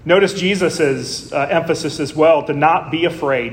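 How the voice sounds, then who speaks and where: A man's voice: fairly high pitch, moderate pace, reverberant. A man preaching a sermon as a pastor, in a conversational way with frequent "uh" fillers.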